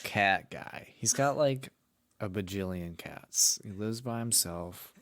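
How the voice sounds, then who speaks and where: A young man with a fairly low voice tells a rambling story on a podcast, swearing casually and breaking into laughter. His voice is recorded dry and close, with no room echo. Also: slow, fairly bright tone. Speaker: podcast co-host.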